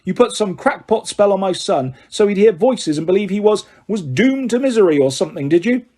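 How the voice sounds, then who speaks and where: Loud raging uncle, blustery bully, bit high and husky, as a reader puts him on. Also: male voice, sing-song, fairly quick, exaggerated voice. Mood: blustering. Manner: bellowing, raging.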